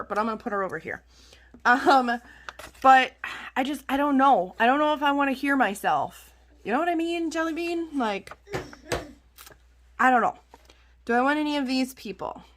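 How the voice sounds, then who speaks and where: A woman's voice: sits high, lively intonation, moderate pace, pauses often, fairly bright tone, a little hiss or hum. A woman rambling in a chatty, self-deprecating way as she talks through her journal crafting at home. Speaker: craft channel host. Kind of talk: casual chat while journaling.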